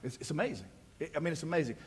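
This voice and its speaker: A man's voice: fairly high pitch, animated, rapid-fire, husky. A male pastor in his thirties preaching a sermon in a folksy, conversational way, with joking asides. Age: 30s. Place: church.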